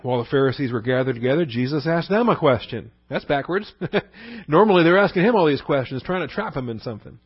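A man's voice: on the high side, lively intonation, fast talker, breathy edge, dry recording, dull audio. A man preaching a sermon as a pastor, talking in a conversational way and asking rhetorical questions.

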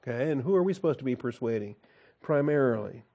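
A man's voice: mid-range voice, animated, fast talker, creaky, dark tone, highs cut off. A man teaching a Bible study in a folksy, conversational way, reading scripture aloud and breaking off to comment with a chuckle.

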